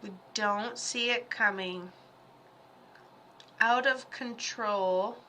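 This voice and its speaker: A woman's voice: on the high side, extremely slow, bright, forceful tone, slight background noise. A woman giving casual livestream psychic readings, chatty and blunt, joking as she goes. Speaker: psychic medium.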